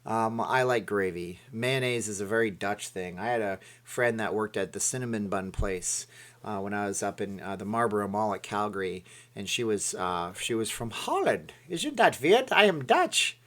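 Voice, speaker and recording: A man's voice: on the low side, fairly even intonation, moderate pace, a bit bright. A middle-aged man from Saskatchewan, hosting a casual live stream, chatty and rambling as he reacts to viewer comments. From Saskatchewan, Canada. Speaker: channel host.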